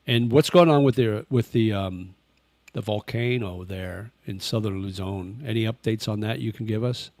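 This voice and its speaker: An older man with a mid-range, darkish voice hosts a casual livestream, recorded with no echo on a webcam microphone with face tracking. He rambles easily and answers questions from chat.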